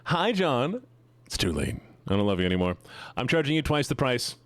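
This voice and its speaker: A man's voice: medium pitch, very animated, normal speed, no echo. A man streaming live, chatting casually and teasing his chat with playful mock-villain boasts.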